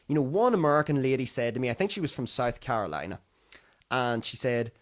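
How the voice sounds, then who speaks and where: A man's voice: mid-range voice, sing-song, fast. A young Irish man hosting a podcast, chatting casually and wandering off topic as he talks through the news. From Ireland. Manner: chatty and digressive, acts out other people's voices. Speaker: podcast host. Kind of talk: casual solo commentary.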